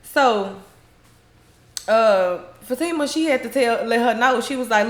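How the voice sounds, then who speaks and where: A woman's voice: a little high, lively intonation, measured pace. A woman casually recapping a TV episode, retelling scenes in her own words with slang and frequent laughter. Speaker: recap host.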